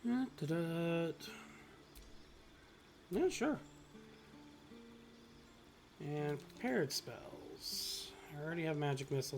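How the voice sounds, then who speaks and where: Gravelly-voiced male game streamer. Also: medium pitch. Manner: chatty, reads game text aloud, jokey outbursts. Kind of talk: casual let's-play commentary. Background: faint game music.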